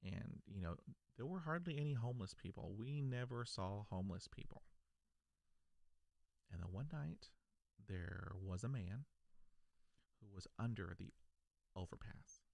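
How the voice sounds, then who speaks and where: A video creator from South Texas recounts his own story to camera in an earnest, reflective way, stuttering with repeated words and broken starts. His fairly low, darkish voice is expressive, with vocal fry, a measured pace and frequent pauses. The recording is dry.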